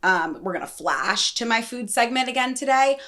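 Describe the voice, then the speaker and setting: A woman's voice: fairly high pitch, expressive, moderate pace, pushed and bright. A woman hosting a podcast, talking casually in a chatty, rambling way with many fillers. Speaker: podcast host.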